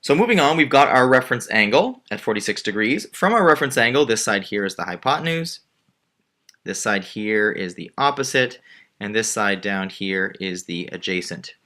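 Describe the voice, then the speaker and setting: A man's voice: on the low side, expressive, normal speed, pushed and bright. A male math teacher patiently walking through a word problem step by step while drawing a diagram. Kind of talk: screen-recorded math lesson.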